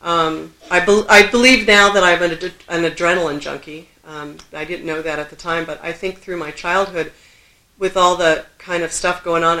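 A woman's voice: fairly low pitch, bright, forceful tone. A middle-aged woman from Southern California telling a personal story to a live audience, self-deprecating and laughing often. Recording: roomy echo.

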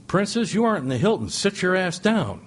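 A man voicing a curt jail guard who mocks an inmate, pitched up and loud. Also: very animated, fairly quick, slight background noise. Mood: mocking. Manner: sarcastic, scolding. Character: gruff male jail guard, mocking and curt.

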